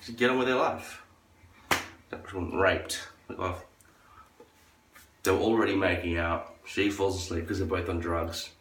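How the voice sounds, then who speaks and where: Vlogger, male, low voice, crude rambling rant, sits back from the mic in a roomy space. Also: fairly even intonation, unhurried, long pauses, fairly bright tone, slight background noise. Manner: crude, profane ranting; acts out others in a high falsetto. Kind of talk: rambling monologue. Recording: echoey room, far from the mic.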